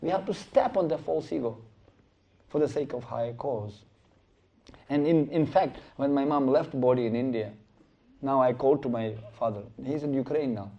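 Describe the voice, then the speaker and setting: A middle-aged man giving a spiritual lecture, telling stories in an animated way and acting out the quotes, on a dull lo-fi recording. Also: medium pitch, moderate pace. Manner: animated storytelling with acted-out quotes. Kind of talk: sermon storytelling.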